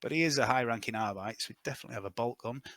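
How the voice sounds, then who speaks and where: A man's voice: medium pitch, racing, a bit bright, no room sound. A man running a tabletop role-playing game as game master, thinking aloud and hesitating with fillers as he checks rules and gear.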